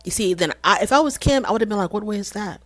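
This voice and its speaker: A woman recapping a reality show in casual commentary, opinionated and animated as she retells scenes. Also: medium pitch, quick pace, no echo.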